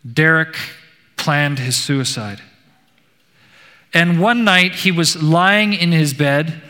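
A man preaching a sermon, telling a story in a slow, earnest and emphatic way. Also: high-pitched, bright, forceful tone. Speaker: pastor. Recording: long hall reverb.

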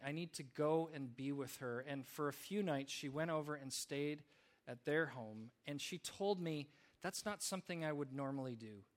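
A man's voice: a little high, fairly bright tone. A man preaching a sermon, telling stories in an earnest way with small restarts. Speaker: pastor.

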